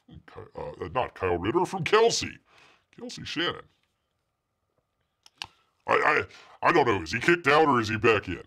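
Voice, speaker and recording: Sarcastic rambling man with a wildly swinging pitch. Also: a bit bright. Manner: sarcastic, rambling, refers to himself as Bear. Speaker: host of a live comics news stream. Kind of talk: casual livestream chat.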